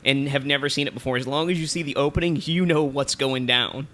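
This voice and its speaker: Bright-voiced jokey man podcasting. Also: medium pitch, brisk. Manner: jokey, hums theme tunes, lots of ums. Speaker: podcast co-host. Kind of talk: casual chat.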